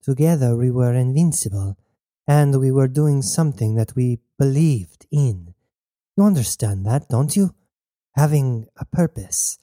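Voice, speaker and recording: A man doing a cold, intense mother who once fought for a revolution. She speaks calmly and formally in a dark, mellow tone, read close to the mic in a dry audiobook sound. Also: mid-range voice, measured pace, no room sound, close to an everyday voice. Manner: calm, formal speech without contractions.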